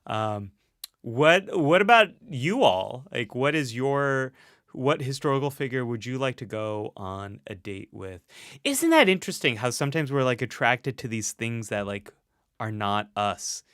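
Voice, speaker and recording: A man's voice: medium pitch, lively intonation, unhurried, fairly bright tone, clean tone, dry recording, clean studio sound. A man hosting a casual live stream, reading out viewer comments in a chatty, self-deprecating way with frequent laughs.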